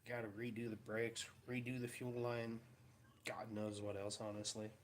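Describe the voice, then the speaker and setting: A man's voice: on the low side, little pitch movement, moderate pace, slight background noise. A man chatting casually in a vlog, telling wry, rambling stories about his day. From Pacific Northwest of the US. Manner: rambling, wry storytelling with mocking voices. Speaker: vlogger.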